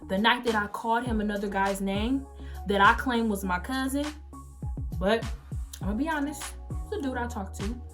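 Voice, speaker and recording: A young woman in her late teens telling a story-time vlog, animated and emphatic, acting out the quoted messages as she goes. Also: fairly high pitch, moderate pace, pauses often, music in the background. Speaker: vlogger.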